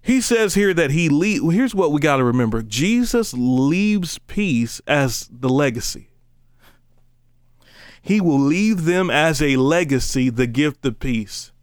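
A man preaching a casual, conversational sermon, joking between slow, emphatic scripture readings. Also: fairly high pitch, no echo, studio quality.

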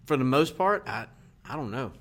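Halting man talking through his answers. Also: medium pitch, very animated, creaky, a bit bright, slight background noise. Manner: halting, searching for words, many fillers. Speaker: guest, church minister. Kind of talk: casual interview chat.

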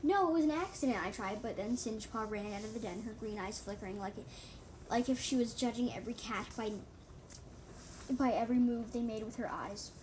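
Woman reading a cat story out loud, trips over words a lot, kinda high voice. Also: steady tone, brisk, slight background noise. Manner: stumbling reading with frequent self-corrections. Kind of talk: amateur reading of her own animal story.

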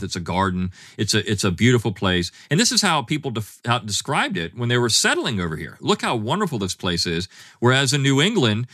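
A man speaking as a guest historian in a podcast interview, animated, with frequent restarts and fillers. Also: mid-range voice, dry recording, clean studio sound.

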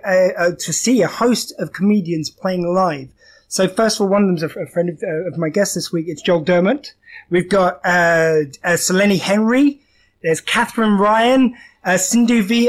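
A podcast host from southern England, hosting a live show in a rambling, self-deprecating way. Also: mid-range voice. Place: live event venue.

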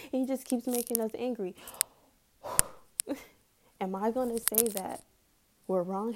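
A woman's voice: on the high side, slow, long pauses, background noise. A woman ranting heatedly in a casual vlog, swearing often and breaking into nervous laughs.

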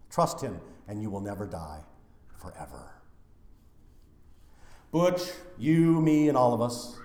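A man preaching a funeral sermon as pastor, swinging from loud declarations to hushed, near-whispered lines. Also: a little high, echoey room.

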